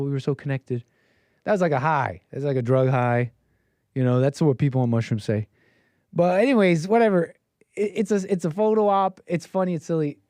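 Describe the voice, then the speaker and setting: A man's voice: on the high side, dark tone, no echo. A man hosting a call-in show, riffing in a mocking, rambling way and putting on silly voices to quote people. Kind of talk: casual on-air commentary.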